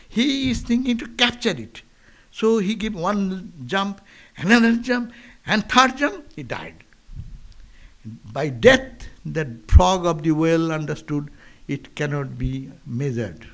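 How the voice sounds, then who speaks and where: Male monk, high voice, philosophical sermon with chant-like repetition and rhetorical questions. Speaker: monk giving a lecture. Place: monastery lecture.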